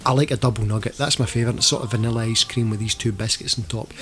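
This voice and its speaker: A man's voice: medium pitch, fairly even intonation, very fast, fairly bright tone, faint music behind. A man hosting a casual comedy podcast, bantering and swearing freely while reading out listener questions. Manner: jokey, profane banter. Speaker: podcast host.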